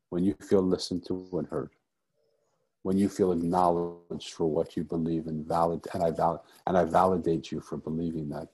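Earnest middle-aged man, deep husky voice. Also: mellow. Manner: earnest, reflective, repeats phrases for emphasis. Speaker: guest. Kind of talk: conversational storytelling.

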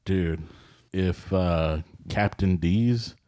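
A man's voice: low-pitched, very slow, a little mellow. A man, rambling laid-back in casual podcast chat and laughing often. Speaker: podcast co-host.

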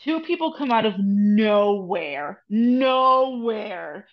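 A woman from the United States with a New Jersey accent guests on a podcast, where she works as a Reiki master and tarot reader. Her medium-pitched voice is expressive and draws words out as she tells a story in casual, profane chat, dropping in Spanish phrases. The podcast audio is dull and lo-fi.

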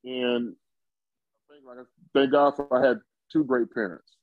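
A man's voice: medium pitch, steady tone, a little slow, dry recording. A man in his fifties from Ohio, a former football player telling a story in an interview, rambling with many fillers and chuckling often. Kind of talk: conversational storytelling. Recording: dull lo-fi dry recording.

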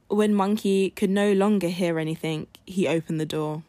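A woman hosting a podcast, narrating a folk tale in a clear, measured storytelling manner. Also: medium pitch, dry recording. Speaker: podcast host.

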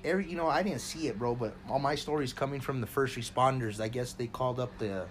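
A man's voice: medium pitch, quick pace, crowd noise. Profane storytelling man, says bro constantly. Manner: excited, loud storytelling. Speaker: podcast co-host. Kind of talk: casual storytelling chat. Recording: faint background noise.

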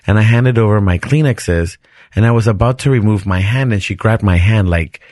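A man hosting a podcast, telling a personal story in an animated, chatty way with frequent restarts. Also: on the low side, moderate pace, no echo, studio quality. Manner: animated, chatty, restarts sentences and laughs often. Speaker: podcast host. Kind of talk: casual storytelling.

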